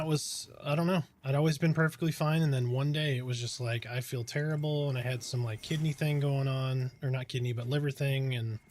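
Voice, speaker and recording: Laid-back man chatting on a game stream. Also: mid-range voice. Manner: relaxed, chatty, reads and answers chat while focused on the game. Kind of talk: casual live-stream chat while playing.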